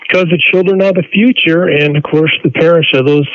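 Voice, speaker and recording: A man's voice: on the high side, fairly even intonation, a little fast, muffled recording. A man calling in to a radio show, giving his opinion hesitantly with fillers. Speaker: caller. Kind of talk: phone-in opinion.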